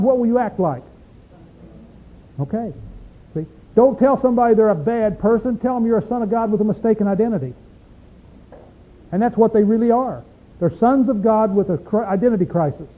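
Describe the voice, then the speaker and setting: A man preaches in a homely, talk-to-you way, firing questions at his listeners. His voice sits high, and the recording is thin and tinny, like a phone line. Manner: folksy, conversational, asks the listeners questions. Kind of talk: sermon.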